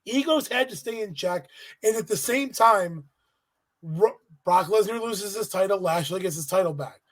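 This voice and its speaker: Brief: male co-host with a high voice, animated and profane storyteller. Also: normal speed. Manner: animated storytelling, swears freely. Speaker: podcast co-host. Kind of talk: casual chat recapping a wrestling event.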